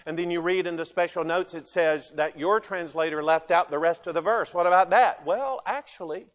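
A man preaching a sermon, animated, asking his listeners questions and swinging between loud bursts and quiet asides. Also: fairly high pitch, moderate pace, big-room sound. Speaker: pastor.

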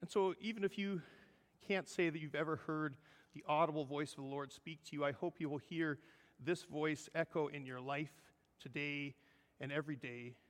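A male pastor delivers an earnest sermon, pressing key words and then easing into quiet, tender phrases. His voice sits a little high for a man. The sound rings with the long reverb of a church hall. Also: moderate pace. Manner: earnest, rising emphasis, softening to hushed close.

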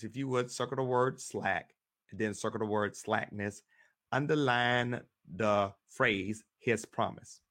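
A man leads a Bible study as pastor, his voice sitting somewhat low. He reads scripture slowly and with emphasis, in an earnest preacher's cadence. The recording is dry, with no room sound. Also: a bit bright, no echo.

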